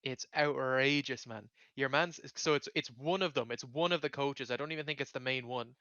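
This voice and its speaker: A man hosts a loose podcast chat, rambling through fillers and swearing as he goes. His voice is bright and smooth, caught up close on a dry but dull, lo-fi recording. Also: mid-range voice, moderate pace, dry recording. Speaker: podcast host. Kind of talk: casual chat.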